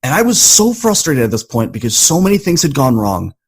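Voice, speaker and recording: A man guesting on a podcast, telling a personal story in an animated, conversational way. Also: medium pitch, brisk, slightly rough.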